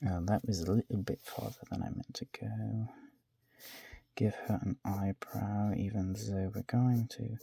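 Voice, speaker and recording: Mellow man muttering while he sketches. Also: fairly low pitch, steady tone, a little slow, vocal fry, husky, no echo, clean studio sound. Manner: mumbling to himself, often dropping to a whisper; self-deprecating, swears casually. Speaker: drawing vlogger. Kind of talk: casual narration while sketching.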